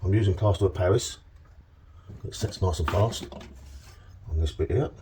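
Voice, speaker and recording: Low-voiced plasterer, chatty. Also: male voice, normal speed, very noisy. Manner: chatty and joking, keeps checking in with "okay?". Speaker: plasterer demonstrating cornice work. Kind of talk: casual on-the-job demonstration. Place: indoor room on a work site.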